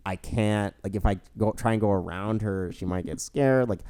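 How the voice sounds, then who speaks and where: Young guy cohosting a podcast, deep dark voice, dry close mic, lots of ums. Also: moderate pace, smooth, dry recording. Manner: rambling, many fillers and restarts. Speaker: podcast co-host. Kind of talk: casual storytelling chat.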